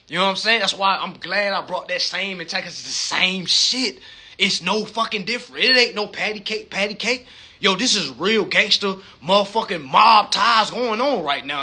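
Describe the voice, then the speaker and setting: Man hosting a live stream, profane, slangy and animated, high voice with a bright husky tone. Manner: repeats words, rhetorical questions. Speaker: livestream host. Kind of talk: casual monologue on a live stream.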